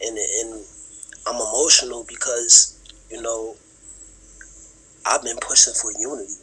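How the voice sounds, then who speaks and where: Raspy young man, tearful and earnest. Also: mid-range voice, fairly even intonation, pushed and bright, low-quality recording. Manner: earnest, slow, sometimes whispery. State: emotional, near tears. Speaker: interviewee.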